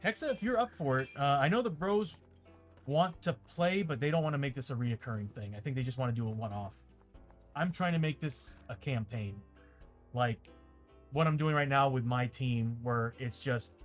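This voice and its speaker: A chatty man runs a tabletop game on stream, rambling on to his viewers at a middling pitch. His throat sounds dry. Faint ambient music plays softly behind him. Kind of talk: casual livestream chat.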